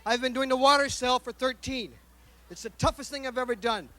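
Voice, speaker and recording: Breathless man with a very high, bright voice. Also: brisk. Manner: earnest, warning. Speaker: escape artist. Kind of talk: addressing a live audience.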